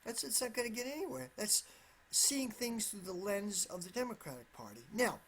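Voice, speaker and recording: A man's voice: high-pitched, lively intonation, normal speed, a crowd in the background. A man giving solo political commentary, rambling and hedging, often restarting his sentences and stressing his points over and over. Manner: rambling, with frequent restarts and repeated "absolutely"; careful, hedging tone.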